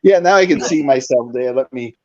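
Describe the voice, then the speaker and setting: A man's voice: medium pitch, fairly quick, a little mellow. A man calling in from his phone to a live stream, taunting the others in a lewd, drawling way. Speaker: caller. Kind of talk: crude live-stream banter. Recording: dull phone audio.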